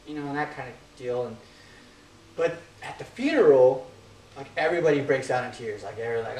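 A man's voice: mid-range voice, animated, fairly quick, a little mellow, reverberant, recorded from a distance, low-quality recording. A man preaching a sermon as pastor, in a casual, conversational way with jokes and asides.

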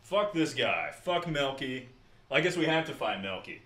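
A young man streaming live talks to his chat in a relaxed way between rounds, dropping swear words freely. His voice is medium-pitched and sing-song at a normal speed with a fairly bright tone, and the audio carries a roomy echo.

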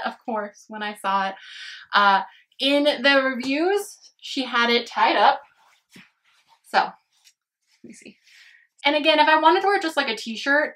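A woman's voice: on the high side, a bit bright. A young woman chatting casually to her viewers while trying on clothes, bubbly and chatty, calling them babes and loves. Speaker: fashion vlogger. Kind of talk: casual try-on haul chat.

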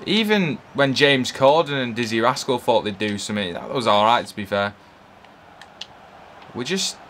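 An English man chatting casually while playing a football video game, yelling player names and cracking jokes. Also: mid-range voice, normal speed, slight background noise. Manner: excitable, yells player names, chatty banter. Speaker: gaming video host.

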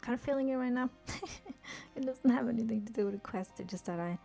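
A woman streaming a game live, chatting excitedly and swearing, sick with a headache. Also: a little high, quick pace, creaky, soft background music. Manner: excitable, swears often, laughs, trails off. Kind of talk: live gameplay commentary.

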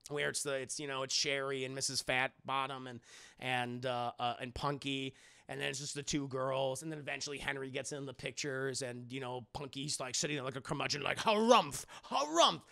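A man's voice: mid-range voice, fairly quick, gravelly, smooth. A man casually recapping a TV episode for his stream chat, rambling and swearing as he goes. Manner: rambling, profane, animated.

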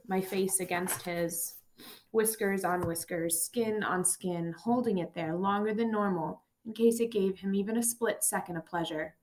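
A woman narrating a first-person memoir audiobook in a measured, quiet and somber reading. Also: medium pitch.

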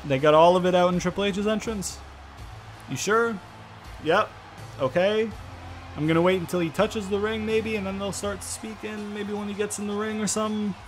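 A man giving excitable, profane let's-play commentary, often repeating himself. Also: high-pitched. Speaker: gaming video host.

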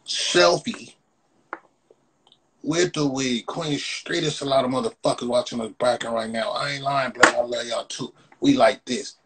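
On a profane Instagram live from his phone, a host loudly roasts and mocks his viewers, tagging "blood" onto nearly every phrase. His voice is husky and medium-pitched at a measured pace, and the audio is poor.

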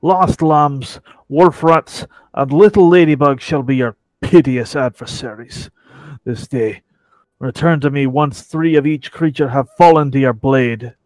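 A man putting on a gruff pirate guild master. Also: medium pitch, a little slow, darkish tone, no echo, natural voice. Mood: stern. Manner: mock pirate growl, rolling declamation.

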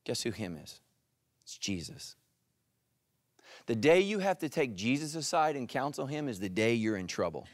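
A man preaching a sermon as pastor, animated and speaking straight to his listeners. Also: mid-range voice, moderate pace, pauses often, no room sound, clean studio sound. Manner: animated, addresses listeners directly.

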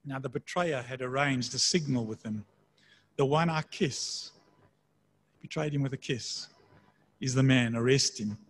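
A man preaching a sermon in a conversational way, slowing down to read scripture aloud. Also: medium pitch, husky. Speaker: pastor.

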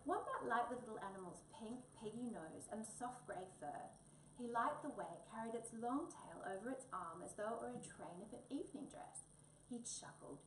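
A woman reading a children's storybook aloud in an expressive, lilting way. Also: a little high, normal speed. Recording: echoey room, distant mic, faint noise.

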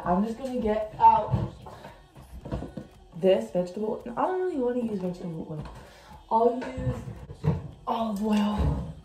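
A woman's voice: mid-range voice, noisy background. A young woman chatting casually as she vlogs a cooking session at home, scattered and full of "like". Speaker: vlogger. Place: home kitchen. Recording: music playing underneath. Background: background music.

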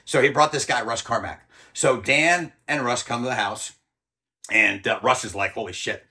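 Older guy swearing his way through a story, bright pushy voice, does the other people's voices. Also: medium pitch, normal speed. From United States. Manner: blunt and profane, acts out quoted voices. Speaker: interview guest, former Army Ranger. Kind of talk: casual storytelling.

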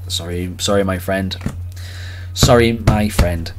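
A man hosting a live card-opening stream, chatting excitedly with viewers and calling out their names. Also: lowish voice. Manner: excitable, jokey, rapid swings between loud cheers and quiet mutters. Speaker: livestream host opening trading cards.

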